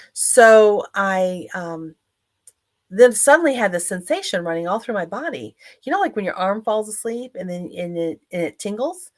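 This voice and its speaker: A woman's voice: medium pitch, expressive, measured pace, pauses often. A woman in her fifties, an author and speaker giving a motivational talk online, telling her story earnestly with many fillers.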